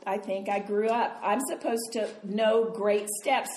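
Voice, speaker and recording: An older woman giving a storytelling sermon as a Bible teacher, chatty and animated. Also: mid-range voice, normal speed. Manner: animated, chatty storyteller who laughs often. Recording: roomy hall sound with faint noise.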